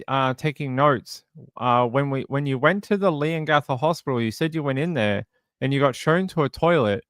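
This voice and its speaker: A man's voice: mid-range voice, fairly bright tone, clear, resonant tone, dry recording, clean studio sound. A man hosting a true crime channel, reading a police interview transcript aloud in a plain way, with fillers and restarts.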